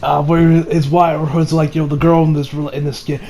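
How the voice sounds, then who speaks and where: A man's voice: on the high side, flat delivery, a little fast, warm tone. A young man reviewing an anime episode in a casual, rambling way, with many fillers and frequent laughter.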